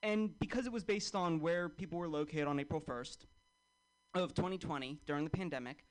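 Male comic, high voice, dry mock-enthusiasm, club stage. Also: brisk, rough recording. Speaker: stand-up comedian. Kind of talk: stand-up comedy.

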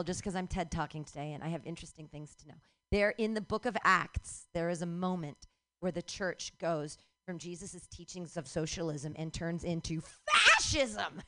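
A middle-aged woman doing a stand-up comedy set, ranting profanely and breaking into shouts. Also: lowish voice.

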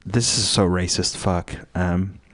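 A man's voice: sits low, fairly even intonation, takes it slowly, a bit bright, dry recording. A man hosting a radio show, ranting in a profane, rambling, mocking way full of fillers. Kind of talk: crude rambling radio rant.

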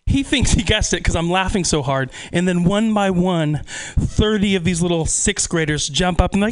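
A man's voice: high-pitched, normal speed, few pauses, clear, resonant tone. A man in his twenties doing a stand-up comedy set in a small club, profane and self-deprecating, laughing at his own jokes. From California.

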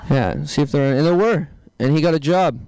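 A man doing a stand-up comedy set, telling dark jokes deadpan and tossing asides to the crowd. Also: fairly high pitch, brisk, clean tone, poor audio.

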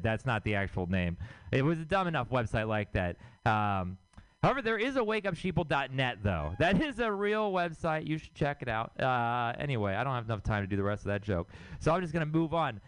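A man's voice: mid-range voice, smooth, no echo. A young man from Texas doing a crude, rambling, self-mocking stand-up set. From Houston, Texas. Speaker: stand-up comedian. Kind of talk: stand-up set at open mic.

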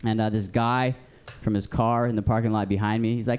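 A man's voice: lowish voice, little pitch movement, a little fast, a little mellow, smooth. A man doing a stand-up comedy set on a club stage, telling profane, rambling stories into a stage mic.

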